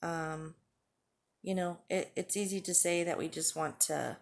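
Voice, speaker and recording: A woman in her forties talking candidly to the camera in a halting, earnest way, with frequent pauses and fillers. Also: fairly low pitch, fairly even intonation, vocal fry. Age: 40s. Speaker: vlogger. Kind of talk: candid personal vlog talk.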